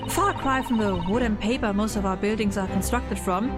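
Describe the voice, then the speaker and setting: A woman's voice: medium pitch, normal speed, close to an everyday voice. A woman reading a polite, composed young female assistant's game lines, explaining things patiently. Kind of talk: reading game dialogue aloud. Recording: game music playing behind.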